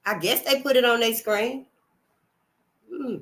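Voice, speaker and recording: Animated, bright-voiced woman host. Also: on the high side, unhurried. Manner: animated, preachy, swears freely, talks to viewers directly. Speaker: channel host. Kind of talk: casual commentary and reading. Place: hot room at home.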